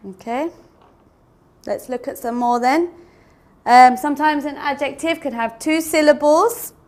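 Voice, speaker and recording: A woman's voice: high voice, a little slow, a little mellow. A woman teaching English grammar, explaining patiently, repeating words and spelling out endings letter by letter. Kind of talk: slow classroom explanation.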